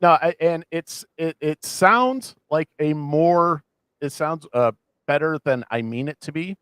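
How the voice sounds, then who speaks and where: Rambling animated man, dry close sound. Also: a little high, measured pace, smooth, dry recording. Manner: rambling, many restarts and fillers, animated retelling. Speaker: podcast co-host. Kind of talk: casual chat.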